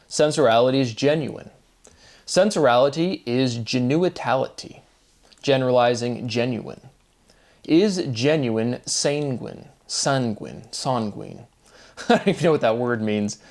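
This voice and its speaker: A man's voice: medium pitch, a little mellow. A man thinking aloud in an unscripted solo monologue, rambling through free-associating wordplay and often checking in with "right?". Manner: thinking aloud with fillers and restarts. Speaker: host of a self-made video series.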